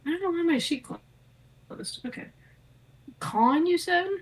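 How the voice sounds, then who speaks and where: A woman's voice: very high-pitched, a little slow, low-quality recording. A woman player in a casual tabletop game who talks playfully about her character's actions.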